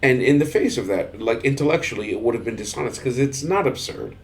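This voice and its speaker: A man's voice: medium pitch, lively intonation, a little hiss or hum. Chatty Texan-raised man telling stories. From Texas. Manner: halting, restarts often, laughs while telling stories. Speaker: podcast co-host. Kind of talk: casual chat.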